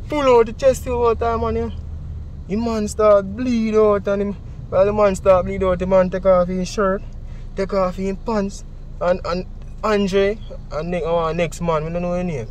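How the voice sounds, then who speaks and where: A young man with a strong Jamaican accent, recounting events in an interview with lively acted-out speech. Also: sits high, moderate pace, slight background noise. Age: young adult. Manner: animated, heavy Jamaican Patois, acts out quoted speech.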